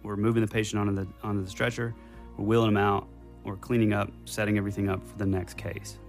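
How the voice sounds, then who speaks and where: A man's voice: on the low side, flat delivery, quick pace, soft background music. A young adult man telling a personal story casually to a host, with a rambling, detail-heavy delivery full of restarts.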